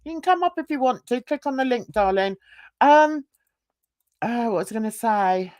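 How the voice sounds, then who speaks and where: A woman's voice: on the high side, lively intonation, moderate pace, a little mellow, no echo, clean studio sound. A woman hosting a casual livestream chat, rambling and gossipy as she greets viewers in the chat by name. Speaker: livestream host.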